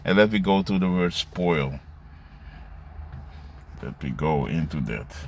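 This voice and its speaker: A man's voice: a bass voice, animated, slow, vocal fry, a little hiss or hum. A man giving casual scripture commentary, reading verses aloud and tagging lines with "you see" and "man". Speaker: religious commentator.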